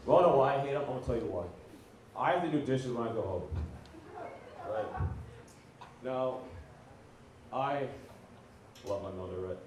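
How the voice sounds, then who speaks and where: A young man at mid pitch does a first-timer's stand-up set with swaggering, profane bravado. His voice bounces around a very echoey room and reaches the mic from a distance. There is a faint hiss behind it. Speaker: first-time stand-up comedian. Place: student comedy night venue.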